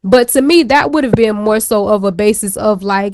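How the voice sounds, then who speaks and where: Woman, talk show co-host, candid storyteller, slangy, mid pitch, dry close sound. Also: steady tone, moderate pace, hardly any pauses, no room sound. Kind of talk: casual chat.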